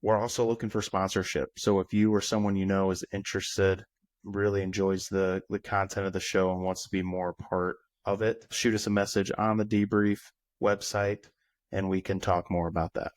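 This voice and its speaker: A man's voice: deep voice, level tone, moderate pace, no echo. A man hosting a podcast reads a direct, upbeat promotional announcement. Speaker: podcast host.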